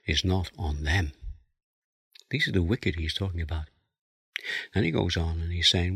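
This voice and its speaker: A man with a low, sharp, slightly rough voice preaches a sermon in a dry recording. He works through a scripture passage verse by verse in an expository style, reading it aloud.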